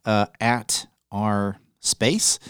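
A man hosting a podcast in casual chat, animated and rambling as he tells stories, with frequent swearing. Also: lowish voice, extremely slow, clear, resonant tone, dry recording, studio quality. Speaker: podcast host.

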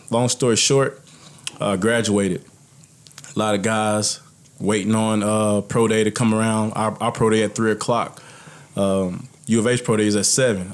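A man who played pro football tells his own life story in casual chat and acts out what others said. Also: on the low side. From United States. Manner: animated storyteller, acts out quotes. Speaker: guest, former NFL player.

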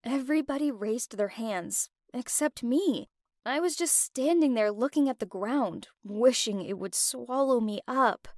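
Young woman, first-person story narration, expressive, high voice, dry close sound. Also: a little slow, no echo. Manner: expressive, emotional.

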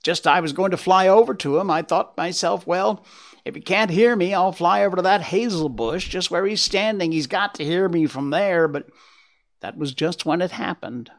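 A man's voice: sits high, moderate pace, voice pushed up. A man voicing a chattering, gossipy magpie in a storybook reading. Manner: chattering, laughing.

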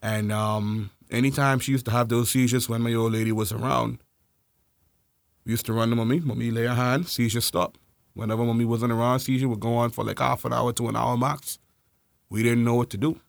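A man co-hosting a casual podcast, telling a personal story and bantering, laughing loudly and slipping into playful voices. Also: medium pitch, flat delivery, fairly quick, gravelly, dry recording, studio quality. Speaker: podcast co-host.

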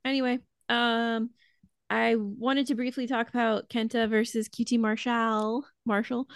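A gravelly, creaky-voiced woman talking fast and excited on a podcast she co-hosts, gushing and cursing freely. Her voice sits a little high, and the sound is close and dry with no room around it. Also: no echo. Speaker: podcast co-host. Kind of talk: casual chat.

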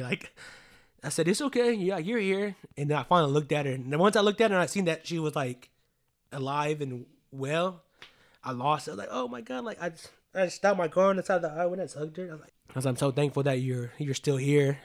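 A man's voice: a little high, quick pace. A man in his late twenties telling a personal story in a casual, rambling way, leaning on "like" and swearing freely. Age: 20s.

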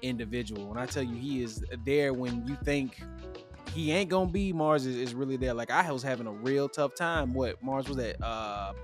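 A man's voice: medium pitch, normal speed, faint music behind. A man chatting casually with friends, telling stories animatedly and imitating their voices. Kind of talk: casual chat among friends.

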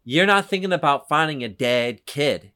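A man's voice: fairly high pitch, lively intonation, moderate pace, sharp tone. A man hosting a casual movie podcast, rambling with many fillers and restarts. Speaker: podcast host.

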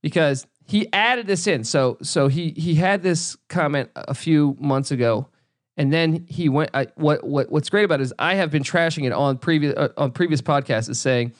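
A fired-up man hosts a solo sports podcast, swearing freely and repeating himself for emphasis. His voice sits a bit higher than most men's and sounds close and dry, with no room echo. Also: normal speed. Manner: profane, excitable, repeats his own phrases. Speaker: podcast host.

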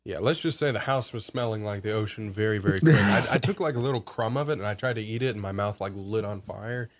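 An eighteen-year-old man from Alabama tells stories casually as a podcast guest, speaking fast with a fairly low pitch. His storytelling is rambling and self-mocking.

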